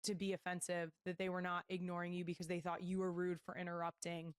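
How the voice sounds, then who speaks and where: A woman hosts a podcast in a calm, matter-of-fact way, laying out simple advice. Her voice sits a little low, and the recording is dry and close. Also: quick pace, clean tone, no room sound. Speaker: podcast host.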